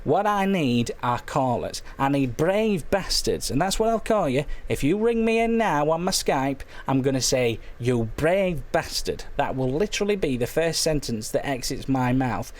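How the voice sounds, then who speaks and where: A man hosting a comic late-night phone-in stream, rambling in a silly, deadpan way, his voice a little hoarse. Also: medium pitch, normal speed, hardly any pauses. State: slightly hoarse. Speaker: phone-in show host.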